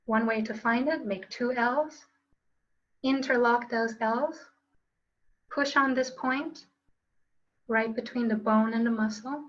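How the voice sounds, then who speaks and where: A woman's voice: a little high, dull audio. A woman teaching a qigong class online, coaching students in an upbeat, playful way with call-and-response phrases. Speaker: qigong instructor.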